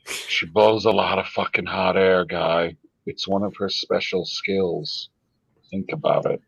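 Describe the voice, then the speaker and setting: A man's voice: low voice, fairly even intonation, unhurried, vocal fry, slightly rough, no room sound, muffled recording. A man hosting a live stream, reading viewer comments aloud in a casual, sardonic, profane way.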